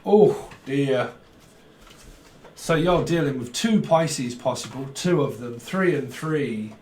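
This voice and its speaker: A man's voice: medium pitch, animated, a little slow, a little mellow, a little hiss or hum. A man giving a rambling tarot reading and slipping into quoted voices. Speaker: tarot reader.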